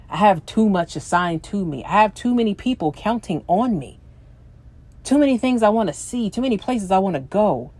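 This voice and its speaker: Woman, podcast host, earnest and emphatic, low voice, mellow tone. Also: dry recording. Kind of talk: faith-based motivational talk.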